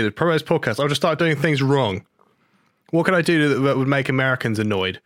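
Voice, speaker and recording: A man's voice: mid-range voice, animated, brisk, fairly bright tone, dry recording, clean studio sound. A man, hosting a podcast and ranting in an outraged, sweary, sarcastic way. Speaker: podcast host. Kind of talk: ranting casual podcast talk.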